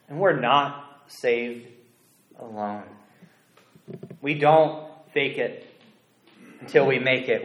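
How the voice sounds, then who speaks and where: A man preaching a sermon as a pastor, earnest and deliberate, dropping to a hush on key phrases. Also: mid-range voice, echoey room, rough recording. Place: church sanctuary.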